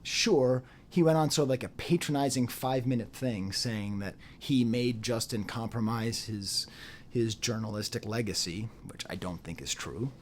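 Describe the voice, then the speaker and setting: A man's voice: medium pitch, normal speed, slight background noise. A man giving an unscripted commentary monologue, repeating phrases for emphasis and dropping into mocking quoted voices. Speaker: YouTube commentator.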